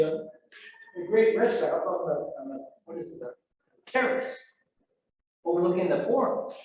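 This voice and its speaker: An older man telling an animated anecdote at an alumni event, acting out the people he quotes. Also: high voice. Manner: animated, acts out quoted voices and sound effects. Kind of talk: anecdotal storytelling. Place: event room. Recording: echoey room from far off, faint noise.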